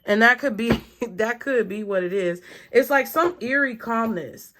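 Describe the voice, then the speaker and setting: A woman with a fairly high voice reads tarot cards for her audience. She talks in a loose, chatty way, thinking aloud and leaning on fillers as she works through each card. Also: a little slow, a bit bright. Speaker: tarot reader. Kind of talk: casual collective tarot reading.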